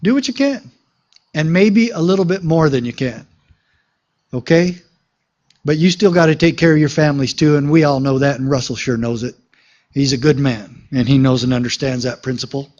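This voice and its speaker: A man with a notably high voice delivers a political rally speech outdoors in a park. He speaks emphatically and tells a story, checking in with the crowd as he goes. He sounds like a sheriff rallying supporters. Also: moderate pace, darkish tone, highs cut off. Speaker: sheriff giving an endorsement speech.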